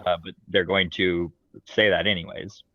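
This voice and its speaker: A man in a casual podcast discussion, talking in an animated way with fillers and quick laughs. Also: low voice, phone-quality sound. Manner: animated, laughs easily, thinks aloud with fillers.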